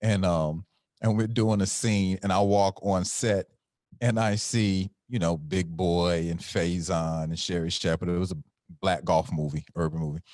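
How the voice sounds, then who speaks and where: A man's voice: low voice, steady tone, a little slow, darkish tone, no room sound. A man hosting a podcast in casual chat, laid-back and repeating words as he gets going. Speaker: podcast host and comedian.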